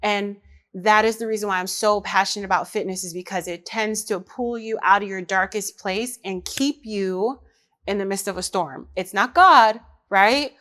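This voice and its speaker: A woman, a mother, hosting her own podcast in casual chat, talking lively and straight to the women listening. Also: mid-range voice, moderate pace. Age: adult mother. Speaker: podcast host.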